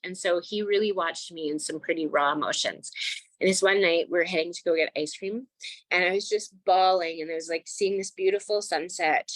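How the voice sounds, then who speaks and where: A woman's voice: fairly low pitch, brisk, dry recording, poor audio. Woman in her 40s on a video call telling her story, earnest and chatty, keeps saying like, dry sound. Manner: earnest, chatty, says "like" often. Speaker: tapping practitioner and guest. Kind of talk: emotional personal story.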